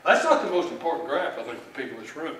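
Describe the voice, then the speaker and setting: A man's voice: fairly high pitch, sing-song, racing, fairly bright tone, a little hiss or hum. A man from Texas with a Texan accent, giving a folksy, joking keynote talk at a conference. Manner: folksy, joking, plain-spoken. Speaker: economist speaker. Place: large event hall. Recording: echoey hall, from far off.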